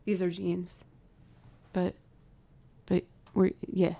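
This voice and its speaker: A woman's voice: medium pitch, moderate pace, a little mellow. A young woman musician chatting casually on a livestream, thinking aloud and poking fun at herself while she has bronchitis.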